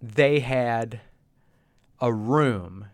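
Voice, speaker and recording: A man's voice: medium pitch, very slow, no echo, studio quality. A middle-aged man co-hosting a podcast, telling stories in casual chat and acting out the people he quotes. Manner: animated storyteller, acts out quoted people. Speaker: podcast co-host.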